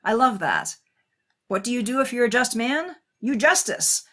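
A woman guest on a podcast, an editor of a poetry edition, explaining eagerly and quickly with frequent restarts. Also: fairly high pitch, very animated, fairly bright tone.

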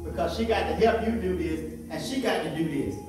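A man with a Southern US accent preaching a call-and-response sermon as pastor, exhorting in rhythmic, drawn-out phrases. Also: sits high, over music. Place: church sanctuary. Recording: echoey church hall from far off with congregation.

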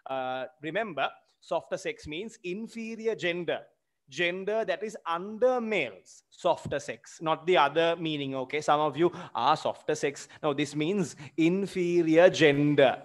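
A man teaching a literature lesson, halting with many fillers and checks. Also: on the high side, lively intonation. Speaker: literature lecturer.

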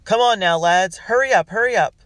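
A man voicing a gruff colonial army colonel who barks urgent orders. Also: sits high, brisk, fairly bright tone, dry recording, voice pushed up.

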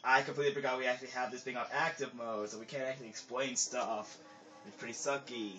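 A man's voice: mid-range voice, steady tone, quick pace, bright, forceful tone. Rambling lo-fi let's-play guy. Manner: rambling, filler-heavy, trails off mid-sentence. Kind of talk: casual gameplay commentary. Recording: dull lo-fi recording with game music under it.

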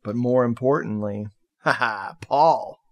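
A man at an ordinary pitch co-hosts a loose, casual film chat. He is jokey and laughs often, and he tosses in swear words as he goes. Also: slow pace. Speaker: podcast co-host.

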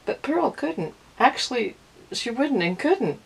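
Husky woman reading a picture book. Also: on the high side, measured pace, rough recording. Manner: expressive read-aloud. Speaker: early-years storyteller.

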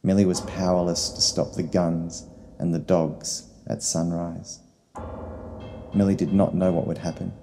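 Deep solemn storyteller. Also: male voice, flat delivery, warm tone. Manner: slow, solemn reading. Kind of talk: scripted narration. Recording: long reverb, faint guitar music.

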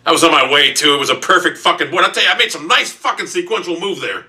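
A man giving profane gameplay commentary while seated, grumbling, then bursting into yelling outbursts. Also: on the high side, animated, fast talker. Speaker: gamer. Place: seated in a chair while playing.

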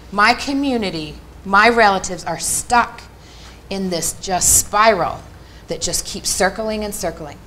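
An earnest woman gives an impassioned talk to a live room, leaning hard on her points. Her pitch sits in a middle range for a woman, and she keeps checking in with her listeners as she goes. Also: fairly bright tone, slight background noise. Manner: earnest, emphatic, keeps asking "right?". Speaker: workshop presenter. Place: meeting room with a live audience. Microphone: microphone.

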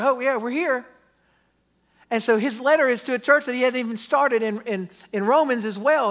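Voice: mid-range voice, a bit bright. A pastor preaching a sermon, telling stories with acted-out quotes and asking the congregation pleading questions.

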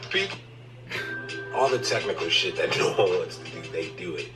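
A man answering interview questions with deadpan jokes. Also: low-pitched, brisk, far from the mic, music in the background. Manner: deadpan, joking. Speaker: interview subject in clips.

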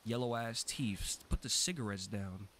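A man hosting a gaming channel, giving casual, excitable let's-play commentary and swearing freely. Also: on the low side, normal speed, slight background noise. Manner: chatty and excitable, swears freely, talks a lot when nervous.

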